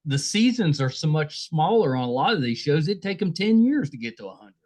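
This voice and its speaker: A man's voice: on the high side, big pitch swings, fairly quick, darkish tone. A man with a West Virginian accent hosting a podcast, asking short, friendly questions in casual interview chat. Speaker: podcast host.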